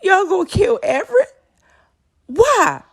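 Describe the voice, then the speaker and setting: A woman putting on the voice of a confused young man, squeaky and disbelieving. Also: very animated, takes it slowly, heavily acted. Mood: baffled. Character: confused young man, baffled and high-strung.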